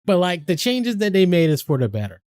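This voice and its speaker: A man's voice: high voice, big pitch swings, fairly quick, darkish tone, no room sound, clean studio sound. A man, chatting casually and rambling on his game stream, swearing freely and laughing often.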